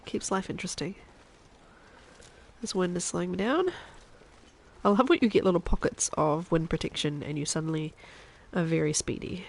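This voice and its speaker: A woman's voice: on the low side, moderate pace. A woman with a New Zealand accent, chatting self-mockingly through live gaming commentary. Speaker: streamer.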